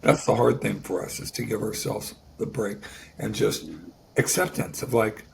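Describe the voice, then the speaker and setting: A guest musician in his sixties tells a personal story, his low voice heavily gravelly with a lot of vocal fry. He's halting, circling back, restarting sentences and repeating words, with a faint hiss beneath.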